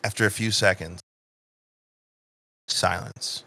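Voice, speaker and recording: A man narrating a tabletop game as game master, animated, with fillers. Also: lowish voice, gravelly, breathy edge, dry recording. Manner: animated and drawn-out, with filler words.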